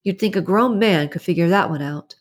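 A woman's voice: on the low side, fairly quick, husky. A woman reading an audiobook and voicing a chatty, nosy middle-aged neighbor woman who gossips with strong opinions. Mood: gossipy. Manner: gossipy, indignant, confiding.

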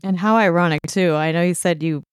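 A woman's voice: on the low side, fairly quick, smooth, no echo. A woman co-hosting a podcast who jokes and affirms her guest. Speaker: podcast co-host. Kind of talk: casual interview chat.

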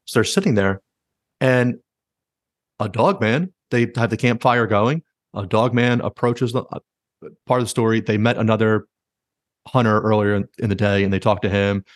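A man's voice: on the low side, moderate pace, pauses often, no echo, studio quality. A man hosting a podcast, animatedly retelling stories in casual chat and leaning heavily on "like". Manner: animated retelling, heavy use of "like". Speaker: podcast host.

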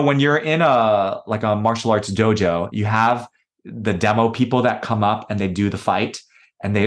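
Thoughtful man telling personal stories. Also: lowish voice. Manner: thoughtful, acts out quoted voices. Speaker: podcast guest. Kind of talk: reflective conversational storytelling.

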